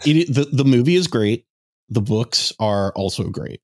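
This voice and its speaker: A man's voice: mid-range voice, animated. Young man hosting a joking chat podcast. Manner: joking, swearing, quick asides. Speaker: podcast host. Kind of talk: casual chat.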